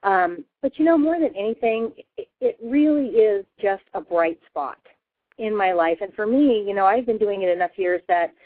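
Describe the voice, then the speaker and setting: A woman's voice: mid-range voice, expressive, normal speed, dry recording. A woman hosting a casual radio interview, a chatty storyteller who laughs often. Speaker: host. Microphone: phone. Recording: tinny phone line, dry.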